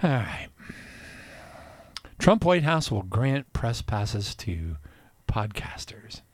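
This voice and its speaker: Animated man hosting a podcast. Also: medium pitch, slow pace, dry recording. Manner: animated, digressive, laughs often. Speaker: podcast host. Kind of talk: casual news commentary.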